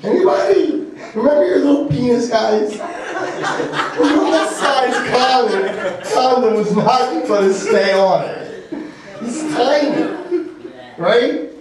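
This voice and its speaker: Rambling male stand-up with a high voice. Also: lively intonation, crowd noise. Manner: rambling, halting, with many fillers. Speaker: stand-up comic. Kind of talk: stand-up set. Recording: echoey room from far off.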